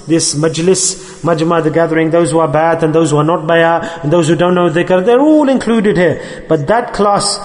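A high-pitched man preaches a Sufi sermon in a mosque, stressing his points by repeating them and putting questions to the congregation. He sprinkles Arabic and Urdu religious terms through his English. His voice rings out with a long echo off the hall. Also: normal speed. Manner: emphatic, repeats phrases, asks the audience questions. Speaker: Sufi shaykh preaching on dhikr.

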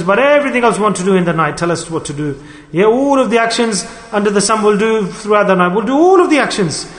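High-voiced male preacher in echoey hall. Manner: emphatic, repeats key words, rhetorical questions. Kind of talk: sermon. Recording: echoey hall with long reverb.

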